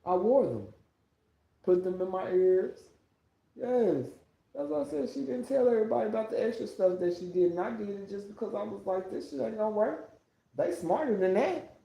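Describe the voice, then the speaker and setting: A man's voice: high voice, vocal fry, dark tone. A man ranting on a casual livestream. He rambles, swears a lot and repeats himself, speaking into a phone. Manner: rambling, profane, repetitive. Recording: echoey room.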